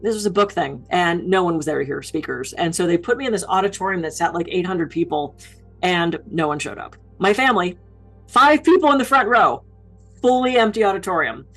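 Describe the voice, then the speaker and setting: A woman's voice: on the low side, brisk, soft background music, rough recording. A woman keynote speaker giving public speaking advice, telling stories about her own mishaps with self-deprecating humor. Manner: lively self-deprecating storytelling.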